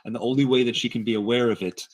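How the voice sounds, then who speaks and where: A man's voice: mid-range voice, steady tone, racing, dry recording. A man breaking down a speaker's wording point by point while reviewing video clips on a livestream. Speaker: statement analyst.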